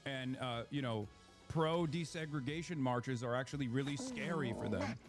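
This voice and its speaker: A man's voice: mid-range voice, lively intonation, normal speed, faint music behind. A man streaming his reaction to a clip, with exasperated, profane outbursts. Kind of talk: live stream reaction commentary.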